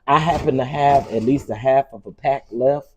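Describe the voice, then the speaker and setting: A man's voice: medium pitch, moderate pace, background noise. Chatty Southern man cooking at home. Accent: Southern American. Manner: chatty, calls viewers "baby" and "y'all". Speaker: cooking show host. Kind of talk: casual cooking livestream. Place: home kitchen.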